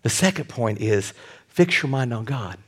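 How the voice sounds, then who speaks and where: A middle-aged man preaching a sermon, swinging from loud, stretched-out bursts to quiet, close asides. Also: mid-range voice, expressive, normal speed, breathy edge. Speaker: pastor.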